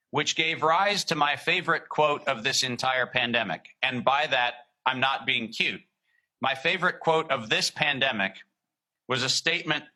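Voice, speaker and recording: Bright-voiced, emphatic man. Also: medium pitch, poor audio. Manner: emphatic, deliberate, reads quotes slowly. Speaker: guest. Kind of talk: interview answers.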